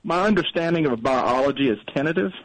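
A man's voice: a little high, animated, quick pace, no echo, poor audio. Guy calling in, a bit under the weather, wry and rambly, dry sound. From North Alabama, USA. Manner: rambling, wry and self-deprecating, laughs at himself. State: sick, recovering. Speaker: caller. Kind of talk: casual call-in chat.

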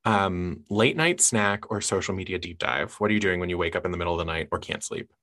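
A woman's voice: rumbling low, a little fast, fairly bright tone. A woman hosting a casual book podcast, chatty and upbeat as she leads questions and sign-offs. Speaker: podcast host.

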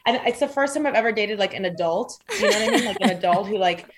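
A woman's voice: medium pitch, animated, fast talker, heavy background noise. A woman guest on a casual podcast chat, joking and acting out voices in the stories she tells. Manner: jokey, acts out quoted voices.

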